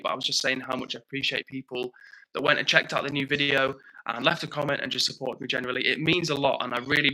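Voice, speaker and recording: A young British man hosting a livestream, chatting casually, reading out viewer comments and thanking people warmly. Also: medium pitch, poor audio. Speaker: livestream host.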